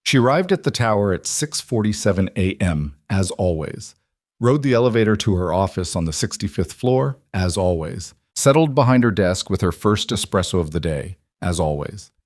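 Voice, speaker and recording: A man narrating a scripted drama in a steady, measured way. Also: sits low, dry recording, studio quality.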